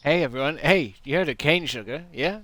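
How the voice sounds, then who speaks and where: A man playing a brash stand-up comedian, working an imaginary crowd with loud banter. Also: a little high, animated, brisk, dry recording. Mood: rowdy. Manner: loud, rowdy audience banter.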